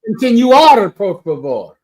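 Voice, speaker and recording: A man's voice: high-pitched, big pitch swings, moderate pace, dark tone. Blunt, crude preaching man. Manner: blunt, crude and scolding, with pointed questions. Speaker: preacher lecturing a class. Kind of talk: preaching commentary.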